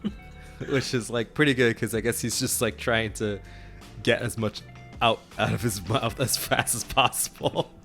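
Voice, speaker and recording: A man of middle pitch talks casually on a gaming podcast, breaking into laughter often. He rambles through fillers in a relaxed chat, with faint music behind. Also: moderate pace. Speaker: podcast co-host and game master.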